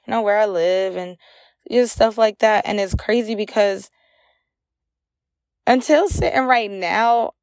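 A woman's voice: medium pitch, measured pace, long pauses, a little mellow, no echo, studio quality. A young woman hosting a solo podcast, telling a raw, emotional personal story with many fillers. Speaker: podcast host. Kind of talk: candid solo podcast monologue.

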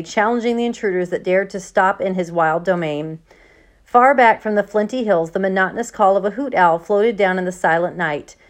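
A woman narrates a storybook chapter in a steady, unhurried way. Her voice sits at an ordinary middle pitch, neither high nor low. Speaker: audiobook narrator.

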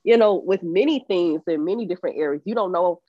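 A woman's voice: lowish voice, fast, no room sound. A woman co-hosting a podcast, talking in a candid, earnest way with laughs between her points. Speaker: podcast co-host. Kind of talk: casual podcast conversation. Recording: slightly dull, muffled audio.

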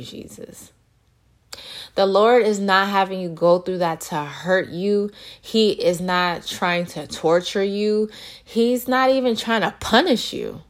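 A woman in her thirties giving an earnest, encouraging faith talk to her viewers, acting out little quotes as she goes. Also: on the low side. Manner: earnest, animated, acts out quotes. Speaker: christian vlogger.

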